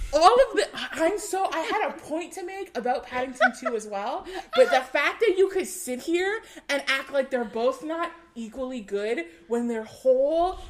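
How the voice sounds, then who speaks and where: High, animated woman ranting. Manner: animated, ranting, swears freely. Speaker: podcast co-host. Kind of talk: casual chat.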